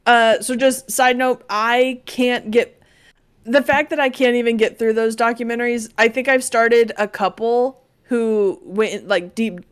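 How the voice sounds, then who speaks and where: A woman co-hosting a casual podcast, reading a listener's story aloud. Her voice sits a little high, and she keeps a dry, unbothered tone with quick asides. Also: steady tone, clean tone. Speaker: podcast co-host.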